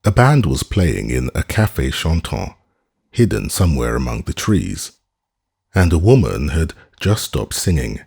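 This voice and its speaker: Husky, deep-voiced male narrator for a classic audiobook, expressive and lively in pitch. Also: a little slow. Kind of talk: scripted narration.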